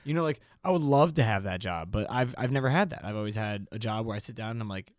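A man's voice: lowish voice, fast talker, no echo, studio quality. A man co-hosting a podcast, rambling in casual banter and often acting out silly exchanges. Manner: rambling, jokey, exaggerated impressions. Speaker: podcast co-host.

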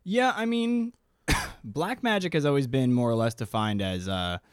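Thirties male podcast co-host, medium pitch, rambling casual delivery, dead dry sound. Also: measured pace, clear, resonant tone, no echo. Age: 30s. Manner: loose, profane, rambling with restarts.

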